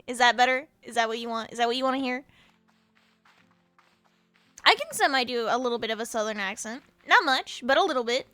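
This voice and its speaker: A woman's voice: a little high, expressive, fairly quick, pauses often, pushed and bright, no room sound, soft background music. A young American woman streaming a video game, chatting casually and playfully with her viewers and laughing often. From United States. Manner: chaotic, playful, laughs often, teases chat. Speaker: VTuber streamer.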